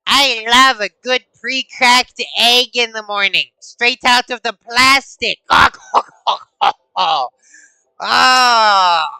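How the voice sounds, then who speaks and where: A man putting on a made-up, vaguely French accent to voice an eccentric man obsessed with eggs, with a slow, savoring, theatrical delivery. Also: very high voice, bright, forceful tone, clear, resonant tone, no room sound, voice pushed up, full character voice, rough recording. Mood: gushing.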